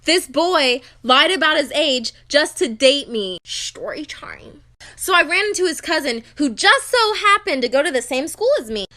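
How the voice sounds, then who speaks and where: A woman's voice: sits high, lively intonation, normal speed, hardly any pauses, pushed and bright. A young woman telling a personal story in a conversational storytime vlog, acting out the quotes.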